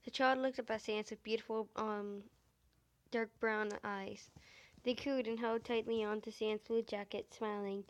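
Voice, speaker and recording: A woman with a high, squeaky voice reading a fan-fiction story aloud, halting and stumbling with many fillers and restarts. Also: steady tone.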